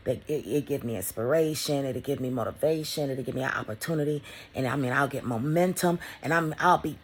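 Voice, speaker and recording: A woman vlogger talking in a casual motivational monologue, blunt and profane, swinging between loud emphasis and hushed whispers. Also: rumbling low, lively intonation, fairly quick, gravelly, slight background noise.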